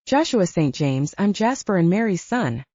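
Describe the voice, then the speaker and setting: A woman voicing a smooth, confident young man with a wry edge. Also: mid-range voice, very animated, normal speed, dark tone, dry recording. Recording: dull dry audiobook recording.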